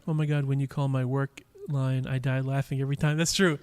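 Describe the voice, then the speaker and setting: A man's voice: medium pitch, flat delivery, normal speed, a little mellow, clean tone. A man hosting a live stream in casual chat, rambling with lots of fillers and teasing his viewers, talking into a microphone in a cigar lounge. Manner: rambling, chatty, many fillers and restarts.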